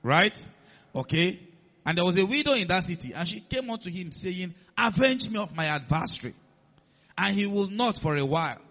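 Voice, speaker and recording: A man's voice: high-pitched, expressive, fairly quick, fairly bright tone, muffled recording. A man preaching a sermon, emphatic, quoting scripture and calling on the congregation to follow along. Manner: emphatic, calls on the congregation to respond.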